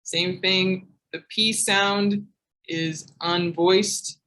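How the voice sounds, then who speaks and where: Woman teacher for an online lesson: unhurried and methodical, somewhat low-pitched, says every example word twice. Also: steady tone, a bit bright, low-quality recording. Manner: slow, deliberate, repeats each word twice. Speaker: English pronunciation teacher.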